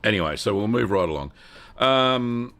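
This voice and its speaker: Hosting a livestream about making cheese, an Australian man in his fifties talks easily with his audience in a fairly low voice at normal speed. He rambles in a laid-back way and calls out chat viewers by name.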